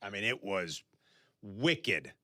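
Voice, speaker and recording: A man's voice: fairly low pitch, big pitch swings, slow, bright, forceful tone, no room sound. A man on a sports radio show tells a story with a voice that rises and falls widely, swinging into exclaimed disbelief. The studio sound is close and dry, with no room around him. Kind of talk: casual sports talk. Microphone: studio microphone.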